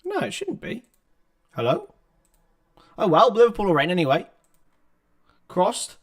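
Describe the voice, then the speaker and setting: A man's voice: high voice, unhurried. Man giving live football play-by-play. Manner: steady running play-by-play, chatty asides to viewers. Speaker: livestream watchalong host. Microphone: laptop's built-in microphone.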